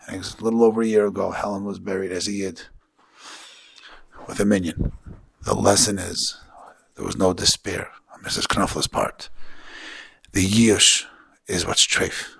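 Male rabbi, husky and gravelly, earnest sermon storytelling. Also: deep voice, fairly even intonation, normal speed, pauses often, fairly bright tone. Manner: earnest storytelling with Yiddish and Hebrew terms.

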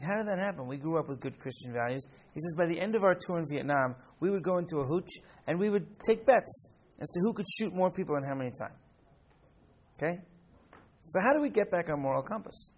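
A man's voice: a little high, breathy edge. A man in his sixties from the United States, a rabbi teaching a class through stories, repeating words and often asking "right?". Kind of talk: classroom lesson with personal stories.

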